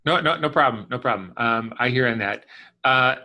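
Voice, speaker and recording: A man's voice: medium pitch, normal speed. A man speaking as a guest on a video call, telling a long story and acting out the people in it. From Chicago area. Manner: animated storyteller acting out quoted voices. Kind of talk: storytelling in an online class.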